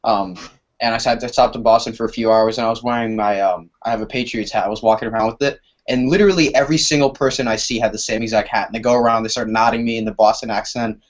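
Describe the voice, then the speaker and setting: Fast-talking young man on lo-fi chat audio. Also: medium pitch, fairly even intonation. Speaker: podcast guest. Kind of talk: casual podcast chat.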